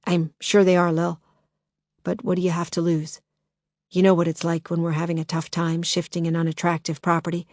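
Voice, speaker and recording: A woman's voice: on the low side, completely flat delivery, fairly quick, a little mellow, no echo, studio quality, close to an everyday voice. A woman voicing an eager, well-meaning male businessman in a storybook, upbeat and coaxing.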